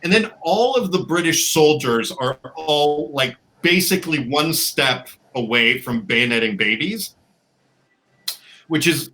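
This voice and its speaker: Bright-voiced man, rambling chat. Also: fairly high pitch, poor audio. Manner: rambling, with many restarts and fillers; wry, offhand humor. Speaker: podcast co-host. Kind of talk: casual chat.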